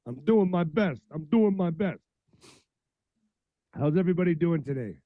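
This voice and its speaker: A man hosting a political podcast livestream, blunt and profane, reading news aloud and ranting, his voice going hoarse. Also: on the high side, lively intonation, moderate pace, no echo, narrow, tinny audio. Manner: blunt, heated, reads news aloud then rants. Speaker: podcast host.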